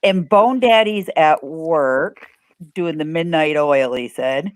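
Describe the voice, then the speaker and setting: A woman chatting casually with friends on a video call, teasing and quick to laugh. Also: low-pitched, no echo, clean studio sound. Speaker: friend in a group live chat. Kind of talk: casual chat.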